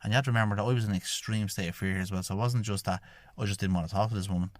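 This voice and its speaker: A man's voice: fairly low pitch, fairly even intonation, very fast, no echo. An Irish man, a shamanic healer, telling his own story in a rambling monologue that keeps repeating "I says" as he retells conversations. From Ireland. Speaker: podcast host, shamanic healer.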